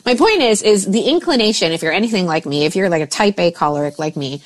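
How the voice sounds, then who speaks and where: Woman, 40s, animated coach voice with a very lively pitch range, chatty. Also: quick pace. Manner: animated, jumps into high voices for quoted thoughts. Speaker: mindset coach. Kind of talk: casual podcast chat.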